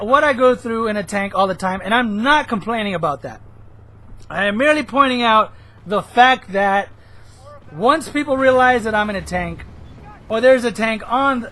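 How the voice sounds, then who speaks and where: A hoarse man giving rambling, excitable commentary over his own gameplay footage, now and then bursting into shouts. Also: sits high, low-quality recording. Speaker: gameplay video host.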